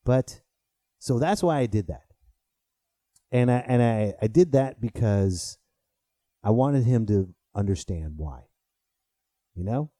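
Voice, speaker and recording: A man's voice: lowish voice, slow pace, long pauses, no room sound, clean studio sound. A man in his thirties, a stand-up comic hosting a podcast, telling a story in a casual monologue and swearing freely as he gets riled up. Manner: animated, swearing, rises sharply when riled. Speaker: podcast host and stand-up comedian.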